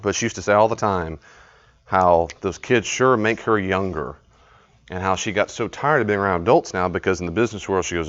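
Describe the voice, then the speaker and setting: Low-voiced man leading a study group. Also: a little fast, fairly bright tone. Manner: conversational, repeats words, asks the group questions. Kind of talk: live teaching session. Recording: dull lo-fi live recording.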